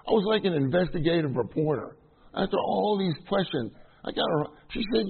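A middle-aged man gives a rambling, self-deprecating sermon to a room of trainees. His voice is husky and sits fairly high. The sound is thin and tinny, like a phone line. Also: animated, fairly quick. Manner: chatty, self-deprecating, many fillers and restarts. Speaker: minister teaching trainees. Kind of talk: casual sermon to a live audience.

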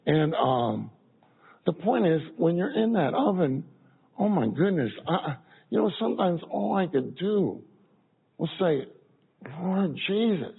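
Man preaching, husky gravelly voice, fairly high, tinny phone-like sound. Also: measured pace. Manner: lively, repeats phrases, swings between loud and soft. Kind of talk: sermon.

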